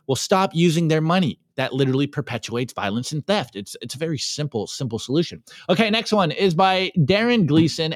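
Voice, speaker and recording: A man hosting a solo podcast, reading memes aloud and rallying listeners, swinging from fired-up calls to low, earnest asides. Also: no echo, studio quality. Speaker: podcast host.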